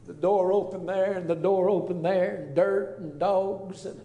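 High-voiced preacher, roomy echo. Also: male voice, fairly even intonation, unhurried, warm tone, highs cut off. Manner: earnest, emotional preacher storytelling. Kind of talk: storytelling testimony.

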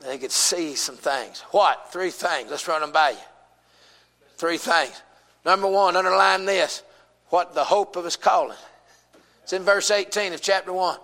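A man's voice: high voice, measured pace, pushed and bright, long reverb tail. A man with a Southern US accent preaching a sermon, folksy and emphatic, calling out to his congregation.

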